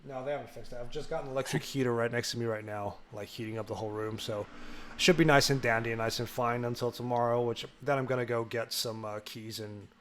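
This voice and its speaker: A young man from the UK hosting a podcast in casual chat, talking in quick bursts with many restarts. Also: medium pitch, steady tone, fairly bright tone. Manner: chatty, stumbling restarts, laughs easily. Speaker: podcast host.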